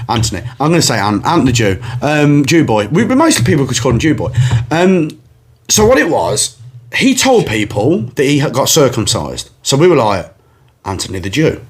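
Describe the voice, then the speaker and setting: A man's voice: mid-range voice, very animated, moderate pace, breathy edge. Casting: young male comedian, loose rambling storyteller. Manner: rambling, laughs often. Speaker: comedian and podcast host. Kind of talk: casual storytelling chat.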